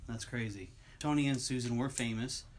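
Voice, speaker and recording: A man's voice: mid-range voice, moderate pace, slight background noise. A man co-hosting a podcast in casual chat, rambling and going off on long tangents. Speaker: podcast co-host.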